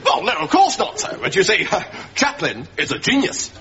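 An actor playing a naive, gushing young officer in a sitcom before a studio audience. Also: male voice, high-pitched, wildly swooping pitch, normal speed, bright, forceful tone, highs cut off, exaggerated voice. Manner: gushing upper-class enthusiasm.

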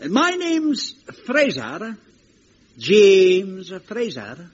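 A man's voice: sits high, huge pitch swings, drawn-out words, husky, heavily acted. An actor with a Scottish accent playing a wily, mocking old Scotsman in a radio sitcom, in a sly sing-song manner. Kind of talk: 1940s-style radio sitcom acting. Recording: dull vintage radio recording.

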